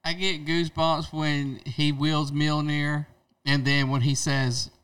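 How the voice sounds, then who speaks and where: A man's voice: on the high side, level tone, slow pace, fairly bright tone, clear, resonant tone, dry recording, recorded from a distance. A man co-hosting a casual podcast chat, brash and joking, swearing often. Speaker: podcast co-host.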